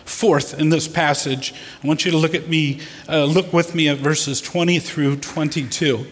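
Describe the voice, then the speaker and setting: A man's voice: a little high, steady tone, normal speed, hardly any pauses, breathy edge. A man preaching a sermon as pastor, acting out scenes and building to emphatic bursts. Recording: echoey hall with long reverb.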